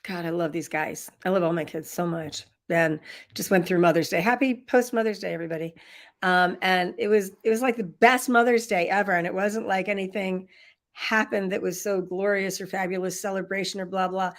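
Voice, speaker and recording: A middle-aged woman runs an online workshop through a computer mic, telling a personal story warmly and laughing often. Her mid-range voice is steady in tone and moves a little fast.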